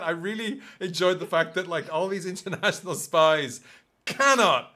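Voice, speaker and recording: A man co-hosting a casual film podcast, joking and animated as he riffs on a movie. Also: high voice, normal speed. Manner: joking, animated, slips into mock voices. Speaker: podcast co-host.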